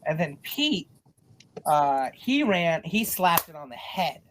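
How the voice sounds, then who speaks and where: A man's voice: a little high, takes it slowly. Nonchalant Southern man telling tall tales. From Southern US, North Carolina. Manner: nonchalant, deadpan storytelling with laughs. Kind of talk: casual storytelling chat.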